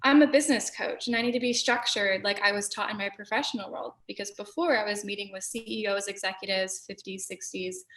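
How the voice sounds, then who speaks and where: A woman's voice: mid-range voice, fairly even intonation, brisk, few pauses, fairly bright tone. A young woman who works as a business coach, sharing her own experience in a reflective, conversational way. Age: young adult. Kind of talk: conversational webinar input. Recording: roomy, distant from the mic.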